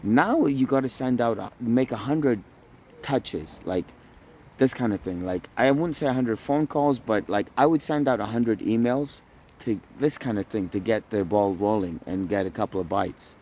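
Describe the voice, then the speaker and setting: A man's voice: medium pitch, animated, normal speed, mellow, slight background noise. A man talking casually to his phone camera while walking by water in a park, rambling, swearing and repeating himself. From Toronto area. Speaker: vlogger. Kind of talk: casual outdoor vlog monologue. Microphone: phone camera held by himself.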